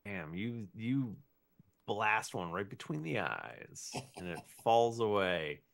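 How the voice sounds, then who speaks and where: A man running a tabletop game as game master, narrating with halting, repeated words. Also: on the low side, sing-song, creaky. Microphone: own mic on a remote recording.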